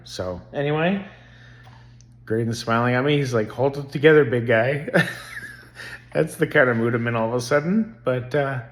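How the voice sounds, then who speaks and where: A middle-aged man rambling earnestly about faith and family in a casual vlog. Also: mid-range voice. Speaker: vlogger.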